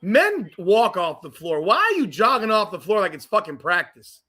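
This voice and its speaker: A man with a high, bright voice delivers heated, profane watch-party commentary. He swings widely in pitch as he rants. He hosts a live podcast stream. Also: very animated, moderate pace. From South Florida. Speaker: podcast host.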